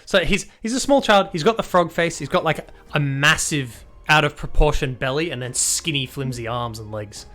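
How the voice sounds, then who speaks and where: A game master running a tabletop game and describing the scene in an animated, chatty way. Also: medium pitch, moderate pace, few pauses, faint music behind.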